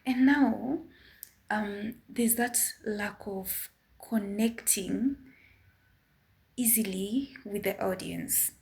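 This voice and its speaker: A woman with a Kenyan accent giving a careful opinion in a casual vlog, measured and a bit apologetic. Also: mid-range voice, vocal fry, a little mellow. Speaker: vlogger.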